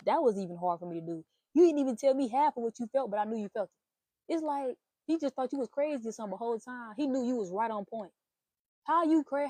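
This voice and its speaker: Animated, blunt woman with a mellow voice. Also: on the high side, dry recording. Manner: animated, swearing, playful exclamations. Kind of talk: casual spiritual reading monologue.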